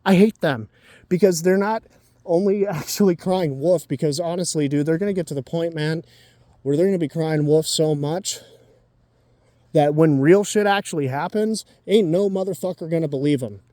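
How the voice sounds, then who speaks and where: A man's voice: fairly high pitch, moderate pace, dark tone, dry recording. A man in his twenties giving dating advice in a blunt, profane, ranting casual monologue. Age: 20s.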